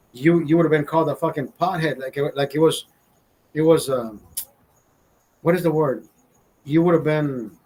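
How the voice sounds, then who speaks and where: A man's voice: on the high side, a little mellow, breathy edge, poor audio. A man in his forties from Honduras telling a rambling, profane story in casual chat, laughing as he goes. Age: 40s. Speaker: podcast host.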